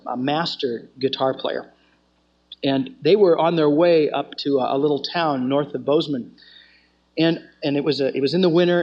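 A man teaching a student fellowship, telling stories in an earnest sermon style and often restarting his phrases. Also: a little high. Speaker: campus ministry teacher. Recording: dull lo-fi recording.

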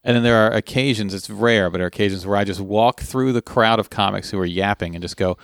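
A man's voice: on the low side, fast, dry recording, studio quality. A man co-running a comedy show, chatting plainly and wryly about keeping order. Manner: wry, plainspoken, quotes himself scolding. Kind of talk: casual podcast chat.

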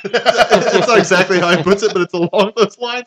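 A man's voice: high-pitched, moderate pace, hardly any pauses, a bit bright, husky. A man co-hosting a casual movie podcast, talking about films with gushing enthusiasm. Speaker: podcast co-host.

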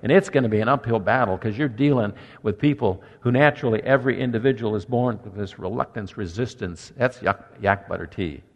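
An older man preaching a sermon as pastor, emphatic, with quiet softer asides. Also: lowish voice, a little fast, hardly any pauses, muffled recording. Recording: long echo of a church hall.

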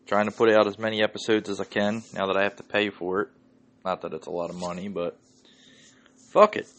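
A man's voice: fairly low pitch, flat delivery, a little fast, a bit bright. Swearing Philly man ranting on a podcast. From Northeast Philadelphia. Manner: profane, ranting, heavy swearing. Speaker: podcast host. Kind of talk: solo podcast rant.

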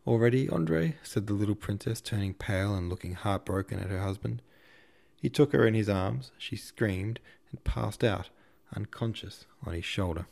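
A man narrating an audiobook in a steady, measured reading style. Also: on the low side, vocal fry. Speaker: audiobook narrator and podcast host.

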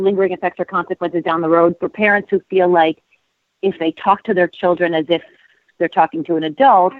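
A man's voice: fairly high pitch, dry recording. A man hosting an interview, asking long questions that he stops and rephrases as he goes. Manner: halting, rephrases his questions. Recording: tinny phone-like radio sound, dry.

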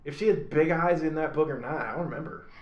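A man co-hosting a podcast, chatting casually about films, relaxed and swearing now and then, getting animated when he argues a point. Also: fairly high pitch, fast talker. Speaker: podcast co-host. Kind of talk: casual chat. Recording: echoey room, dull lo-fi sound.

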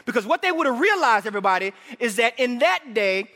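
A middle-aged man preaching a sermon in a church, animated, shouting for emphasis and prompting the congregation to call back. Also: very high-pitched, fairly quick. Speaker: pastor. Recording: echoey hall reverb.

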